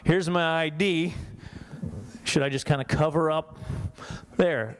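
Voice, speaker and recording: A man's voice: on the high side, fairly even intonation, takes it slowly, slight background noise. A man from Canada performing a stand-up comedy set in a church hall for a small audience, chatty and self-mocking, slipping into voices for characters.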